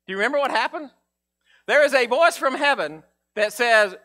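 A man preaching a sermon in a casual, conversational way, acting out Bible figures in a low mumble. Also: animated, a little fast, pushed and bright. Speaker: pastor.

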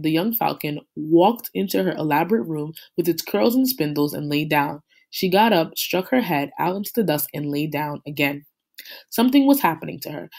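Teacher lady reading a novel out loud for her class, kinda low voice, calm and steady.

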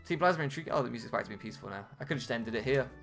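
A man's voice: medium pitch, lively intonation, rapid-fire, creaky, a bit bright. A young man chatting self-mockingly as host of a video game playthrough. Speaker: let's play host. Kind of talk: casual gameplay commentary. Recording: game music behind.

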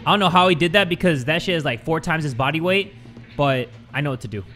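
A young man giving jokey, excitable commentary while playing a game, jumping between loud yelps and low mutters. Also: fast talker, faint music behind. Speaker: gaming YouTuber. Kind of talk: let's play commentary.

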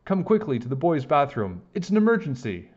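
A man's voice: on the high side, sing-song, a little fast, a little mellow, breathy edge, highs cut off, voice pushed up. A man voicing a flustered, bald male school principal who speaks in an urgent, officious way.

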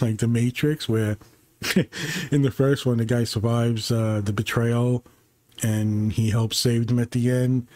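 Profane, exasperated man with a mellow voice. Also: mid-range voice, no echo. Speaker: channel host reviewing a TV series. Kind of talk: unscripted critical review.

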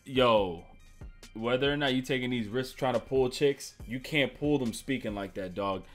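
A man's voice: medium pitch, normal speed, soft background music. A man hosting a reaction video, commenting in a loose, joking way with plenty of swearing. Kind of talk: casual commentary.

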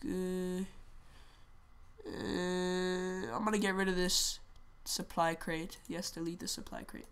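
A gamer with a fairly low, smooth voice gives casual, excitable commentary while playing a shooter. She often shouts and repeats words in quick bursts.

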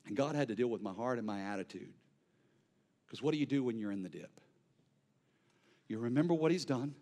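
A male pastor delivering an impassioned sermon, swinging between near-shouted peaks and hushed, quiet lows. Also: lively intonation, brisk.

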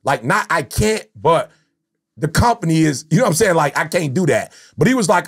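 A middle-aged man hosts a podcast, his voice pitched high with a gravelly edge. He tells his stories in an animated, slangy way. It sounds like a relaxed studio conversation. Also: brisk. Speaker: podcast host, motivational speaker. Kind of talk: casual podcast chat.

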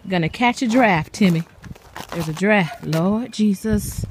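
A spirited, dramatic woman vlogging at home, chatting casually and cooing softly to her babies. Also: mid-range voice, measured pace, noisy background. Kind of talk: casual home vlog chat. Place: at home and out in the snow.

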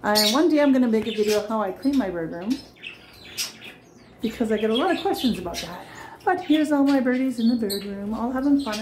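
A woman vlogging at home with her pets, chattering in sing-song baby talk and cheering them on with excited calls. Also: a little high, noisy background. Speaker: pet vlogger. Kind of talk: casual home vlog. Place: home with pets, partly outdoors in snow.

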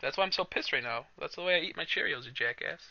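A man commentating a video game in a loud, profane, excitable way, recorded on a cheap computer mic. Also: a little high, fast talker, creaky, highs cut off. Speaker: let's play host. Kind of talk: casual gameplay commentary.

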